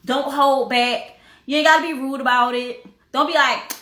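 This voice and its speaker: A woman hosts a casual livestream in a high, bright voice. She talks in an emphatic, preachy way and sometimes slips into snatches of song. The recording has the echo of a room. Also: fairly even intonation, normal speed. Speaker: host.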